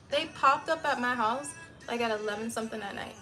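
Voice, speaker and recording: A woman streaming from home, chatting casually with her viewers and telling a story in a lively, profane way. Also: fairly high pitch, fairly quick, soft background music. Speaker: live streamer.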